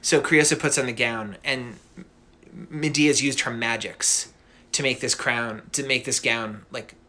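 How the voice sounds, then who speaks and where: A man casually retelling a myth as a podcast host, animated and slangy with laughing asides. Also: mid-range voice, measured pace.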